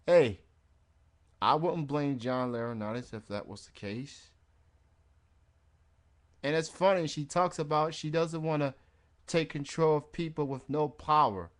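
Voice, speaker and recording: A man hosting a wrestling radio show in casual chat, rambling and laughing at his own jokes. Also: a little high.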